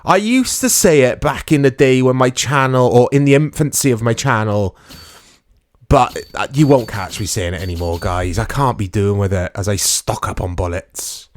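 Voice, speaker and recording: Chatty British gaming host. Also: male voice, mid-range voice, moderate pace, no room sound. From United Kingdom. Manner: chatty, rambling, self-deprecating. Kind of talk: casual let's-play commentary.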